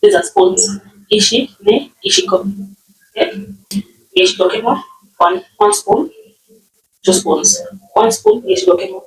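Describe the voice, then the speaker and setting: A woman's voice: extremely high pitch, very animated, measured pace, creaky, pauses often. A woman from Nyeri with a Kenyan accent, teaching household words in a casual lesson, repeating words and often checking with "okay?". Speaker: language teacher. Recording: roomy, distant mic.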